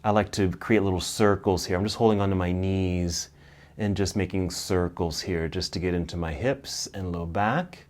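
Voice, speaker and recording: A middle-aged man teaching a yoga class, calmly cueing poses and breaths, slightly out of breath. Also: low-pitched, normal speed. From United States. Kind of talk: guided yoga class instruction.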